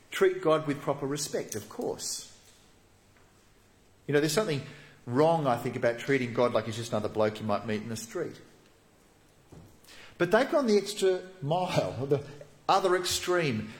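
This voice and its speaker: Lively man preaching in an echoey hall. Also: on the high side. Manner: lively storytelling preacher who drops to soft, hushed tones. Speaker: pastor. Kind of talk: sermon.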